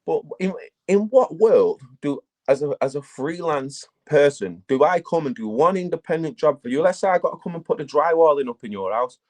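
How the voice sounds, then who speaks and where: A man, a battle rap guest talking casually in an interview, telling animated stories and swearing a lot. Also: fairly high pitch, a little fast. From England. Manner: animated storytelling, heavy swearing.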